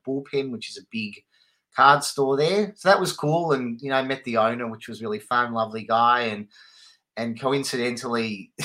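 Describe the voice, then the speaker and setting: A man's voice: medium pitch, pushed and bright. A man, a podcast co-host telling stories casually, laughing and swearing freely. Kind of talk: casual chat.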